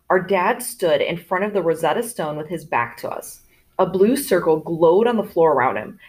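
A woman narrating a storybook in first person with expressive delivery, voicing characters in turn. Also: on the low side. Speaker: audiobook narrator.

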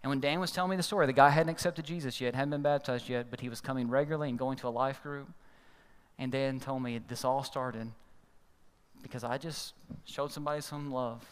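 A man's voice: fairly even intonation, a little fast, clean tone. A man preaching a sermon as pastor, telling a story and acting out the people in it with sudden changes of voice. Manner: storytelling, acts out quoted voices with big pitch jumps. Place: large church hall. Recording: long hall reverb.

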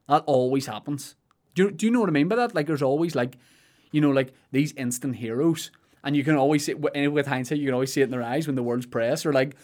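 A young man with a Northern Irish accent, co-hosting a podcast in rambling, jokey chat with deadpan asides. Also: mid-range voice, fairly quick. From Northern Ireland. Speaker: podcast co-host.

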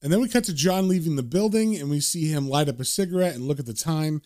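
A man casually retelling a comic book story, animated and relishing the gory scenes. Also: on the high side, quick pace.

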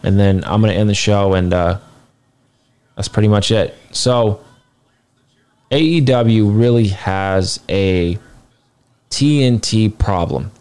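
A man with a somewhat low voice talks through a wrestling show review in a loose, opinionated way. He is blunt, drops the odd curse word and rambles into asides, sounding tired throughout. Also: slow pace, long pauses, a little mellow, smooth. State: tired, yawning.

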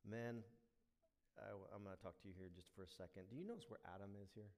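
A male pastor preaching a sermon, emphatic, swinging between loud stressed lines and hushed asides. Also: on the low side, animated, fast talker.

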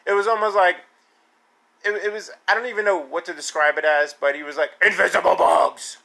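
A man hosting a podcast, ranting casually in an animated, indignant and sarcastic way. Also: sits high, brisk. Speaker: podcast host. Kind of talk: casual solo podcast rant.

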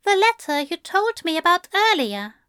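A woman reading a story, voicing a gentle, affectionate male angel who coaxes softly. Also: extremely high pitch, sing-song, moderate pace, dry recording, clean studio sound, pitched above the performer's own voice, heavily acted. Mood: coaxing. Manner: soft, crooning, coaxing.

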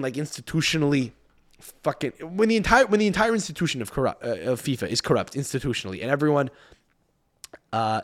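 A male podcast host rants at a middling pitch, swearing freely as he rambles from point to point. He stammers through many restarts, doubling back on his words as he goes. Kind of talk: casual rant.

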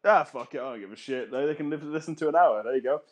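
A man's voice: on the high side, fast. A young man telling a story in casual podcast chat, swearing and laughing often. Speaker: podcast guest.

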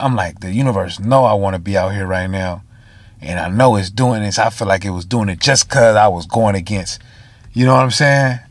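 Tired, husky man telling a story. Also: on the low side, no room sound. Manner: conversational, slangy, many fillers and asides to listeners. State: tired, yawning. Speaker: podcast host. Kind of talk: casual solo podcast storytelling.

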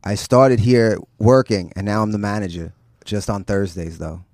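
A man's voice: lowish voice, fairly even intonation, moderate pace, darkish tone, dry recording. A man in an improvised comedy sketch, brash and teasing, swearing freely.

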